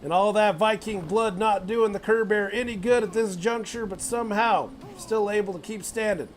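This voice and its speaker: A young man giving excitable play-by-play wrestling commentary, swearing, laughing and bursting into loud exclamations. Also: high-pitched, moderate pace. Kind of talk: play-by-play commentary on a video game wrestling match.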